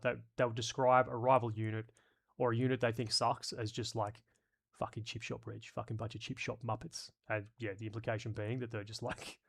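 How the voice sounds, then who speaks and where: A man hosting a live stream, reading viewer comments out loud and joking around in a casual, profane, rambling way. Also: mid-range voice, vocal fry. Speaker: streamer host.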